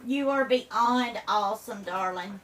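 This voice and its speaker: A woman's voice: mid-range voice, slow pace, a bit bright, slight background noise. A woman hosting a casual live stream from her home kitchen, teary-eyed and effusive as she thanks each viewer by name and calls them darling while she cooks. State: teary, near crying. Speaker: livestream host.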